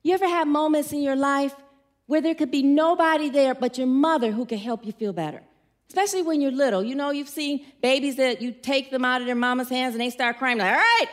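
A middle-aged woman with a notably high voice delivers a relaxed sermon. She tells stories in a chatty, playful way and invites the congregation to answer back. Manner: warm, chatty, playful storytelling with audience questions. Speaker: speaker at a church gathering. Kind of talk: informal sermon with congregation call-and-response.

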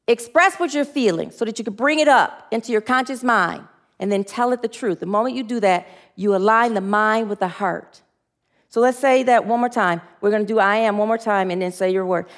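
Earnest woman minister, fairly high voice. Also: lively intonation, moderate pace. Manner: earnest, leads the group in spoken affirmations. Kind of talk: spiritual sermon.

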